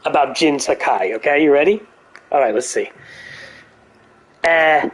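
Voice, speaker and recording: A man's voice: on the high side, unhurried, pauses often. Blunt, profane older man chatting casually. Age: older adult. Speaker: gaming streamer. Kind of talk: casual chat over gameplay.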